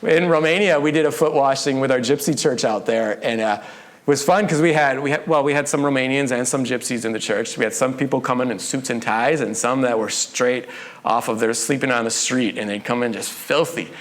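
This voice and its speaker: A male pastor giving a casual, conversational sermon with joking, animated asides. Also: medium pitch, fairly quick. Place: church.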